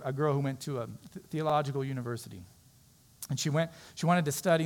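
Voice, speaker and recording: A man preaching a sermon as pastor, telling a story in an earnest, conversational way. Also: fairly high pitch.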